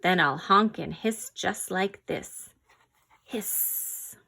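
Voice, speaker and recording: A woman reads a children's farm-animal picture book aloud at an unhurried pace. She pauses to quiz the listener and makes playful animal noises, and a slight gravelly fry runs through her voice. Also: on the low side. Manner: slow, gentle read-aloud with animal sounds and quiz questions. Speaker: reader.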